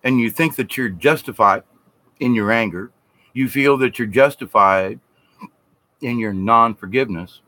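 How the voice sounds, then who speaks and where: A man's voice: mid-range voice, a little slow, sharp tone. A middle-aged man vlogging a rambling, folksy, preachy spiritual monologue, now and then mimicking people in mocking voices.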